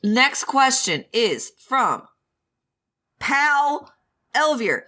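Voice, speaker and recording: Bright, excitable woman podcast co-host. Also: high-pitched, extremely slow. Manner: excitable, swearing, bursts of laughter. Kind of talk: casual chat.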